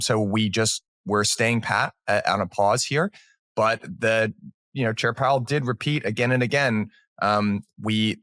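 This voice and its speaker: A man's voice: on the low side, fairly bright tone, no echo, clean studio sound. A man hosting a markets podcast, walking through economic data in a conversational way with fillers. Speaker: podcast host. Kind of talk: casual market chat.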